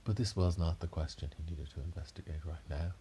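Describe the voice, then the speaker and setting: A man's voice: very deep voice, steady tone, a little fast, warm tone, a little hiss or hum. A man telling an improvised detective story, rambling with frequent restarts and self-corrections.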